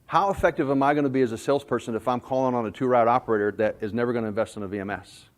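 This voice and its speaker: A man from North Carolina presenting to a sales audience. He talks in a folksy storytelling way, weaving anecdotes into his points. His voice sits at an ordinary middle pitch. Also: racing. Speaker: sales trainer. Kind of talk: conference presentation.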